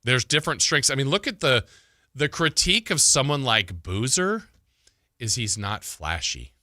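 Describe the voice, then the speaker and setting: A man hosting a sports talk radio show, chatting casually and thinking out loud with fillers and restarts. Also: medium pitch, very animated, normal speed, no room sound, clean studio sound.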